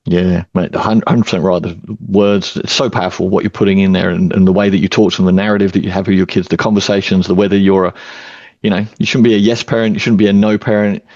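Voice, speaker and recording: A male podcast host with a low voice, talking in a relaxed, reflective manner and pausing to think with small fillers. His audio is dull and lo-fi, like a remote mic, and sounds dry with no room echo. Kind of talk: casual podcast conversation.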